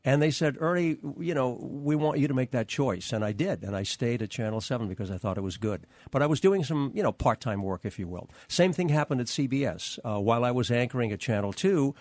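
An older American man, a veteran news anchor, telling lively stories and acting out the dialogue in an interview. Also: mid-range voice, fast, hardly any pauses, no echo. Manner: animated anecdotes, acts out quoted dialogue. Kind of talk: storytelling interview answers.

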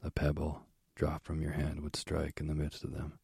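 A wise, unseen goddess who speaks gravely and mildly, read by a man. The voice is very deep, with a gravelly, husky texture. It stays dry and close. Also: monotone, normal speed, mellow, dry recording, heavily acted. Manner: grave, mild.

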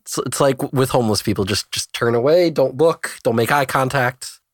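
A man talking as a player in a tabletop game, quick and wry. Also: medium pitch, no echo, studio quality.

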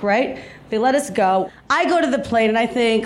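A woman in her thirties from South Texas performing a stand-up set, telling a story with animated delivery and acting out the people in it. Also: on the high side, moderate pace. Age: 30s. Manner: animated storytelling, acts out voices, laughs along. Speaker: stand-up comedian.

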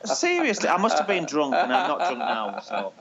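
A man's voice: a little high, huge pitch swings, moderate pace, a loud crowd. An Irish man and actor, a guest in a casual interview, dry and brief in his answers. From Ireland. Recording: dull lo-fi sound.

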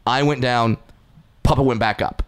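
A man's voice: medium pitch, normal speed, smooth, no echo. A man on a podcast telling a backstage story in casual chat, acting out voices as he goes. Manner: animated, acts out voices in quotes. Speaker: podcast host and puppeteer.

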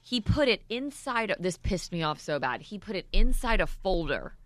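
A woman in her thirties co-hosting a podcast, telling a story in lively casual chat, acting out quotes and swearing. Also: mid-range voice, moderate pace, dry recording. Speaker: podcast co-host.

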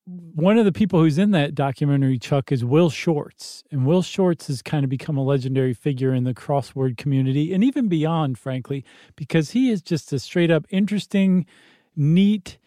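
A podcast co-host with a mellow, somewhat high voice chats casually, joking around playfully. The recording is dry and of studio quality.

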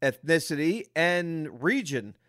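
A man's voice: on the high side, very animated, slow, fairly bright tone, no echo, clean studio sound. A man from New York, co-hosting a casual comedy podcast, blunt and profane, often cutting in. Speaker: podcast co-host.

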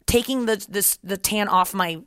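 A woman's voice: mid-range voice, moderate pace, clear, resonant tone, no echo, studio quality. A woman in her thirties hosting a podcast, telling a story casually and acting out the voices of others. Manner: animated, acts out quoted voices. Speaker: podcast host.

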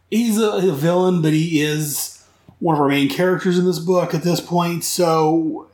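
A man with a slightly high voice hosts a comic book podcast, recapping comics in a casual, rambling, enthusiastic way and correcting himself as he goes. The sound is reverberant.

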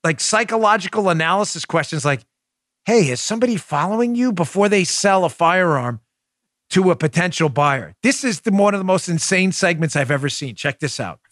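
A man hosts a political talk show, delivering sarcastic, mocking commentary. His voice sits high and sounds bright and forceful, recorded dry and close. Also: expressive, normal speed, no room sound. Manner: mocking, acts out scenes in mimicked voices.

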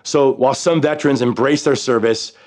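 A military veteran in his fifties telling his own story in a halting, reflective way, often pausing on "you know" and restarting his sentences. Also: medium pitch, darkish tone. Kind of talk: personal storytelling.

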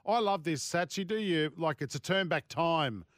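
A man's voice: on the high side, lively intonation, moderate pace, fairly bright tone, no room sound, studio quality. An Australian man hosting a sports talk radio show, speaking bluntly and indignantly in a colloquial way. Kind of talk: talk radio opinion segment. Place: radio studio.

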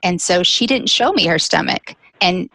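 Low gravelly woman telling her story. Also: lively intonation, moderate pace, pushed and bright, no room sound, low-quality recording. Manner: candid, with light laughs between serious points. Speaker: guest, cancer caregiver. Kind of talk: personal storytelling.

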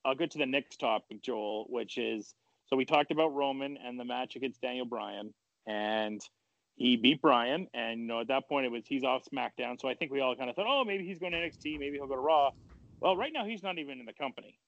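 A man hosting a casual podcast chat, running through news points in a relaxed way. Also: medium pitch, fairly quick, vocal fry, highs cut off. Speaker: podcast host.

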